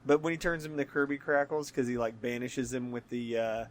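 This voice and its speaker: A man's voice: mid-range voice, a little fast. Laid-back laughing guy chatting comics. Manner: laid-back, laughs often, swears casually. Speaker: podcast co-host. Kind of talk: casual chat about comics.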